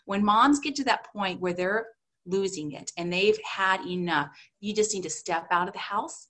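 A woman in her fifties speaks as an interview guest, earnest and encouraging. Her voice sits at an ordinary middle pitch. She talks loosely, with fillers and restarts, like a mother offering advice. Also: moderate pace, pushed and bright. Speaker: guest, homeschooling mother and grandmother. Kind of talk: casual interview talk.

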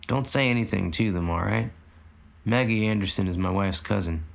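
A man voicing a weary small-town policeman who speaks low and cautiously. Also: moderate pace, creaky. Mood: hushed.

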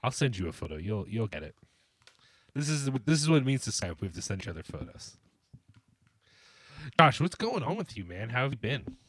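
A man co-hosts a casual podcast from home, speaking into a desk mic over a remote call. He rambles and jokes, restarting sentences as he goes. His voice sits at a middle pitch with a dry sound and little room echo. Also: big pitch swings, brisk, long pauses, a bit bright, husky. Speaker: podcast co-host. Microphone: desk mic on a stand.

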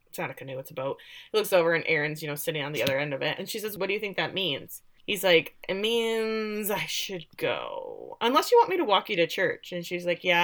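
A middle-aged woman casually recapping a show, telling it animatedly and acting out the quotes. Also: fairly low pitch. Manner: animated storytelling, acts out quotes with laughs. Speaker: podcast co-host recapping a show.

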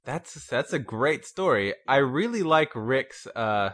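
A man's voice: medium pitch, very animated, takes it slowly, a bit bright. A man in a casual talk, easygoing and musing, reacting to a story his friend tells. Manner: easygoing, laughs along, musing. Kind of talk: casual podcast chat.

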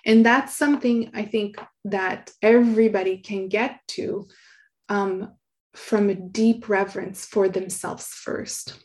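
Earnest soft-spoken middle-aged woman. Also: medium pitch, fairly even intonation, slow. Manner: soft, earnest, laughs often. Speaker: guest, author. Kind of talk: reflective interview talk.

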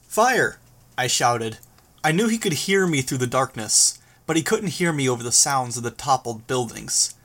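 A man reading a novel aloud as narrator, with steady, measured delivery. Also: medium pitch. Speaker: audiobook narrator. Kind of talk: scripted narration.

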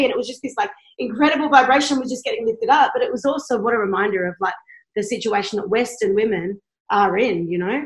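Fast-talking, passionate woman in a roomy space. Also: fairly high pitch. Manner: passionate, blunt, swears freely. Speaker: guest, blogger who tours. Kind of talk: candid conversational podcast chat.

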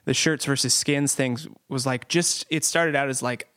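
A man's voice: mid-range voice, steady tone, moderate pace, fairly bright tone, clean tone. A man who is a stand-up comedian, chatting casually about his jokes in a rambling way full of fillers, laughing easily.

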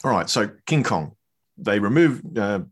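A man's voice: lowish voice, sing-song, measured pace, husky. A man co-hosting a podcast, chatting in a dry, teasing way. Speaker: podcast co-host. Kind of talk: casual chat.

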